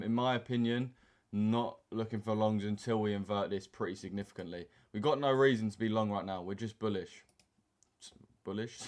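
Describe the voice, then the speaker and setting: Laid-back man, low voice. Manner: laid-back banter with slang, reading chat aloud. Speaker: trading stream host. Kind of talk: casual live-stream chat over charts. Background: keyboard typing and mouse clicks.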